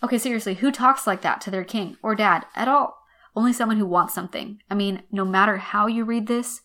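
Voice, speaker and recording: A woman hosting a podcast lesson, explaining an old text in a wry, chatty way and slowing down to read quotations. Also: mid-range voice, a bit bright. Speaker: podcast host teaching literature.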